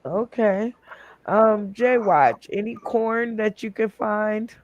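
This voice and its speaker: Male comedy host, high pitch, laid-back pace, laughs a lot, rambles, video call. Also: takes it slowly, no room sound, dull audio. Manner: laughs often, rambling with fillers. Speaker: game show host. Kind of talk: casual comedy hosting.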